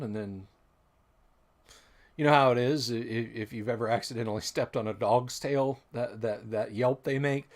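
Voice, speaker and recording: A man running a tabletop game as game master, describing the scene with frequent restarts. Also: mid-range voice.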